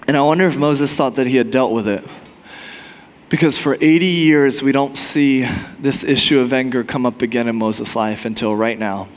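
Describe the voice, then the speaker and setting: A male pastor preaching a sermon in an animated, storytelling manner. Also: mid-range voice. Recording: long hall reverb.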